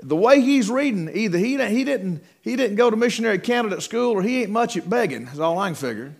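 A man's voice: high voice, expressive, a little fast, creaky. A man preaching a sermon in a folksy, rambling way, with many fillers and restarts.

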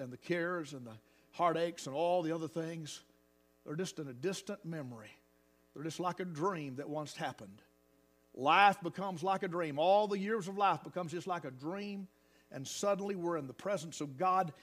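A man preaching a sermon as pastor, moving from quiet talk to loud, rising calls with hallelujahs. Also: sits high.

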